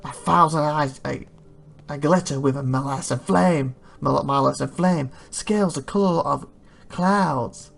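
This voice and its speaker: A man's voice: on the high side, unhurried, vocal fry. A man voicing a grand, proud elderly knight in a game, declaiming in flowery lines. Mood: boastful.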